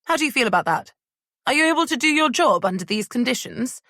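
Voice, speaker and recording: A woman's voice: high-pitched, expressive, sharp tone, dry recording, studio quality, pitched above the performer's own voice, full character voice. A woman voicing a pushy female tabloid reporter who fires off prying questions in a raised voice. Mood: needling. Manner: rapid probing questions, raised insistent voice.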